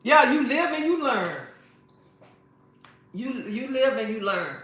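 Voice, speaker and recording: A woman's voice: high voice, lively intonation, slow, a bit bright. A woman hosting a livestream, talking to viewers in a sassy, preachy way and repeating her phrases. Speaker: livestream host. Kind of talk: casual livestream talk to viewers. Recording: very echoey room.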